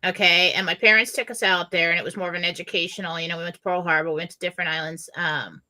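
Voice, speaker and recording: A woman's voice: lowish voice, steady tone, fast talker, bright, forceful tone. A woman co-hosting a casual talk show, telling stories animatedly and laughing as she goes. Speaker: co-host. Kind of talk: casual chat, storytelling.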